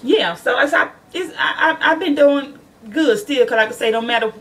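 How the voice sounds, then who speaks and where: A woman's voice: sits high, moderate pace, fairly bright tone, distant mic. A woman who is a nail school student chats casually to her viewers from her car, swearing freely and calling them y'all.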